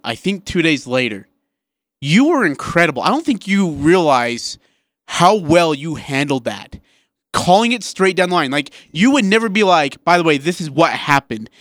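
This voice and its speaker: A man co-hosting a sports radio show, talking excitedly in casual chat with many restarts and asides. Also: a little high, no echo, studio quality.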